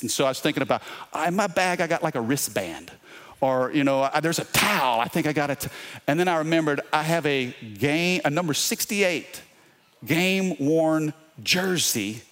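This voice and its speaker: A middle-aged pastor with a Louisiana accent preaching in a fairly high voice. He tells a personal story with repeated words and keeps calling out to the congregation. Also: animated, moderate pace, a bit bright. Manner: storytelling with repetitions and crowd call-outs. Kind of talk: sermon.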